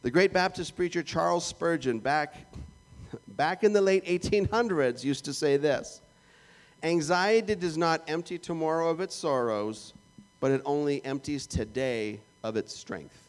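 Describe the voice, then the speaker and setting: A man with a Canadian accent delivers a sermon in a chatty, humorous way. His voice sits a little high for a man, and he breaks into small acted-out prayers and quips between points. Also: unhurried. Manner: conversational and jokey, acting out little prayers and asides. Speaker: pastor.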